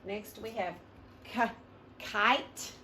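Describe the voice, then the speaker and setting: A woman teaching a phonics lesson, sounding out each word slowly syllable by syllable and encouraging her young students. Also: mid-range voice, sharp tone. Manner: slow, sounding out words syllable by syllable. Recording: echoey room, mic far off, noisy.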